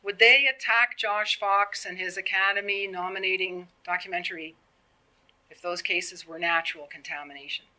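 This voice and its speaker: A bright-toned woman in her fifties gives a public presentation. She talks in an earnest, plain-spoken way and acts out the exchanges she describes. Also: lowish voice, fairly even intonation, moderate pace, a little hiss or hum, low-quality recording. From Canada. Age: 50s.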